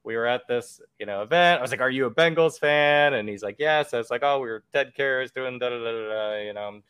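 A man's voice: medium pitch, fast talker, a bit bright, clean tone, no echo, clean studio sound. Laughing, self-deprecating man in his thirties. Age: 30s. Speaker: podcast guest. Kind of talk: casual storytelling.

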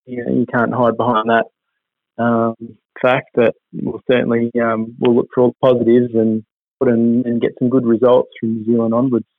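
A man who manages a racing team replies to an interviewer in a mid-range monotone, staying upbeat and measured while hesitating with plenty of fillers and restarts. The sound is dry and phone-like.

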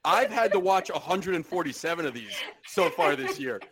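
A man's voice: on the high side, expressive, moderate pace, a crowd in the background. A man hosting a sports podcast in casual chat, sarcastic and swearing, with mock outrage. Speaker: podcast host.

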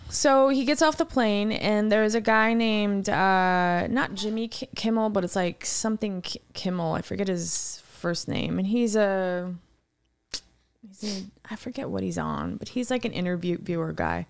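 A woman co-hosting a podcast, telling animated, rambling anecdotes in casual chat. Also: medium pitch, measured pace, clean tone. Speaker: podcast co-host.

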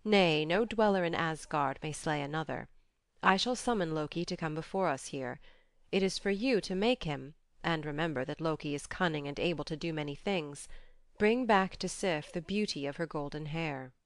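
Stern old male chief god, commanding and grave, low dry reading; a woman narrator voices him. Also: normal speed, dry recording.

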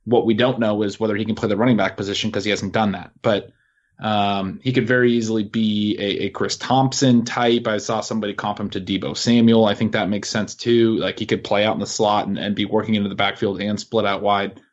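A man with a fairly low voice walks through player stats in detail, steady and measured. He is co-hosting a casual podcast, and his audio sounds muffled and lo-fi. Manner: detailed, stat-heavy, measured. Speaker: fantasy football podcast co-host.

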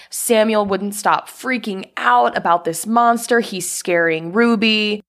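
A woman co-hosting a podcast, calmly retelling film scenes in casual chat. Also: mid-range voice, takes it slowly, hardly any pauses. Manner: steady plot narration, laughs along. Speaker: podcast co-host.

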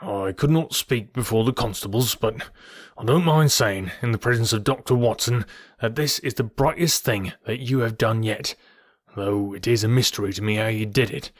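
A man's voice: lowish voice, normal speed, no echo, studio quality, natural voice. A man voicing an angry, indignant police inspector in a Victorian detective audiobook. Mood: grudging. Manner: loud, indignant, exasperated.

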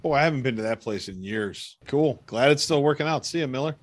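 A man's voice: medium pitch, animated, a little fast, no echo, clean studio sound. A man hosting a podcast in casual, joking chat among friends, laughing often. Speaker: podcast host.

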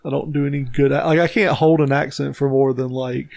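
A man's voice: mid-range voice, steady tone, fairly quick, gravelly, a little mellow, dry recording. A man co-hosting a podcast, answering listener questions in an easygoing, agreeable way. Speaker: podcast co-host. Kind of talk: casual chat.

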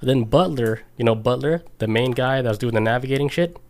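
A man's voice: mid-range voice, brisk, darkish tone. A man co-hosting a podcast, telling a story in a loose casual way, swearing and laughing often. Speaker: podcast co-host.

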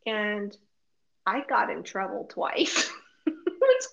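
A woman's voice: medium pitch, very slow, creaky. A woman co-hosting a casual chat, telling a travel story with lots of laughter and acted-out quotes. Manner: animated, laughing often, acts out quotes. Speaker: podcast co-host. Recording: dull lo-fi audio.

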